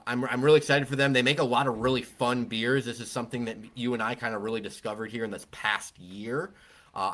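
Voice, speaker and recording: A man chats casually as a podcast co-host, with a voice of ordinary middle pitch. He rambles, restarts his sentences and keeps a relaxed, conversational flow. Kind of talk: casual chat.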